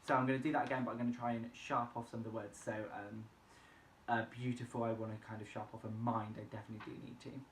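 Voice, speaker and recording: A man's voice: mid-range voice, level tone, quick pace, distant mic. A man thinking aloud about his own singing practice, talking through each attempt and picking out what to fix. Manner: self-critical, talks through each attempt. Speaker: singing student. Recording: echoey room with faint hum.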